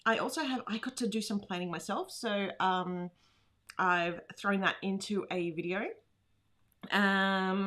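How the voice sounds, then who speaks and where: This livestream host is an Australian woman broadcasting casually from a room at home, chatting, laughing frequently, and calling out viewers by name. She speaks unhurriedly in a steady, fairly bright, medium-pitched voice.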